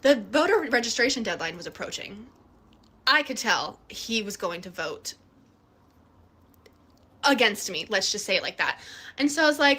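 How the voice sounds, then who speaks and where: A woman telling a personal story to camera in an animated way, with some swearing. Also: a little high, normal speed.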